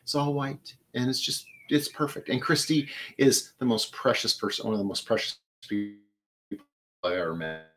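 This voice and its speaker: A man's voice: medium pitch, animated, normal speed, fairly bright tone, poor audio. A middle-aged man from Michigan hosting a live flower-arranging show, chatting to viewers as he works. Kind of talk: casual live demonstration.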